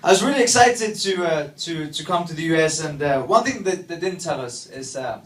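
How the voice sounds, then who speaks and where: A man from Sweden, doing a stand-up comedy set with deadpan asides and quick punchlines. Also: a little high, recorded from a distance. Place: comedy club stage. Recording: echoey club mic from afar, crowd laughter. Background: audience laughter.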